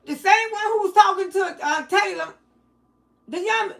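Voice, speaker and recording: A woman hosting a livestream, commenting with outrage, shouting and cursing. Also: very high-pitched, moderate pace, gravelly. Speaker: livestream host.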